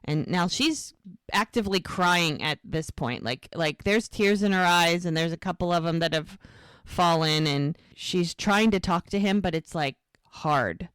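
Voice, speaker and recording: A woman's voice: fairly low pitch, a little slow, clear, resonant tone, dry recording. A woman co-hosting a podcast, recapping a TV episode in casual chat and acting out the scenes as she tells them. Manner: animated storyteller, acts out the scenes. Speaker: podcast co-host.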